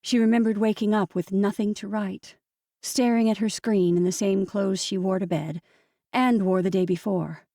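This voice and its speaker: A woman narrating a novel as an audiobook reader, in a gentle, measured storytelling manner. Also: medium pitch, fairly even intonation, dry recording, clean studio sound. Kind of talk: scripted narration.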